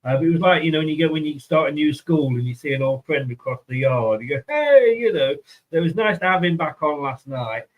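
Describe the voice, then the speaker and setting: A man's voice: on the high side, quick pace, narrow, tinny audio. A man with an Australian accent hosting a casual fan chat, rambling and easygoing. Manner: rambling, easygoing, many fillers. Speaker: host.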